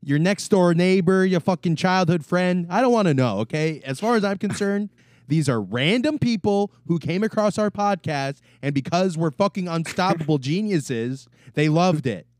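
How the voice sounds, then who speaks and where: Male podcast co-host, casual, animated, cursing a lot, dry close sound. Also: high-pitched, moderate pace, no room sound. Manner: animated, swearing, self-deprecating, laughs often. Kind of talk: casual chat.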